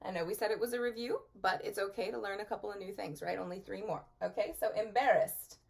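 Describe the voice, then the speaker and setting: A woman teaching a virtual Spanish review to young children in a sing-song, animated teacher voice. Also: medium pitch, quick pace, vocal fry.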